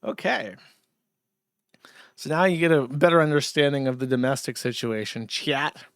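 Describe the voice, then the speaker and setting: A man's voice: medium pitch, moderate pace, smooth, no echo, studio quality. A male host giving casual, sardonic commentary on clips, laughing often and peppering his talk with "like". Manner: laughing, filler-heavy, sardonic.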